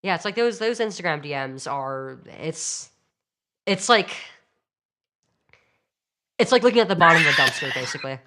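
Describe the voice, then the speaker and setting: Young woman, lower voice, hesitant. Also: lively intonation, normal speed, long pauses, sharp tone. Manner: hesitant, lots of "like". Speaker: guest. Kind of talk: casual chat. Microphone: remote call over satellite internet.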